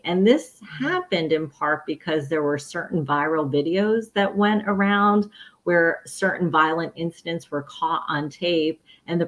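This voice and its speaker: A woman's voice: deep voice, creaky. A woman speaking earnestly as a panelist in a discussion, her voice thick with feeling. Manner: earnest, becomes emotional while speaking.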